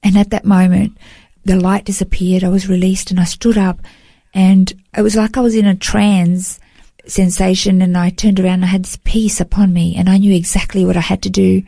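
Telling her personal testimony as a guest, this Australian woman speaks earnestly and emotionally and repeatedly says "you know." Her mid-range voice is gravelly and mellow, flat in delivery and moderate in pace, with no room sound.

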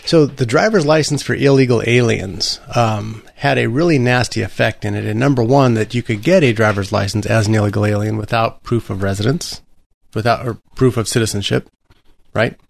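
A man's voice: on the low side, fairly quick, creaky. A man hosting a talk radio show, rambling and sarcastic, with frequent restarts. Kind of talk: casual political talk radio.

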